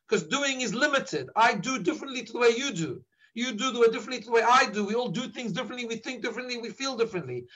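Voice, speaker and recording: A man's voice: very high-pitched, sharp tone, low-quality recording. A man giving an earnest sermon as a rabbi, repeating words as he searches for his phrasing. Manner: drops into Yiddish when quoting.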